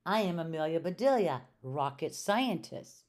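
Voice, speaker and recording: A woman reading aloud and voicing a cheerful, literal-minded female housekeeper in a storybook, with a brighter, eager, earnest delivery. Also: low voice, very animated, normal speed.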